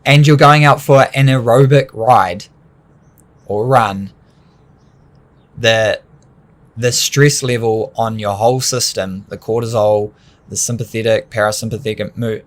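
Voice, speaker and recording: A man co-hosting a training podcast, explaining ideas in long, animated, rambling runs with bursts of laughter. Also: fairly low pitch, measured pace. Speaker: podcast co-host. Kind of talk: casual coaching chat.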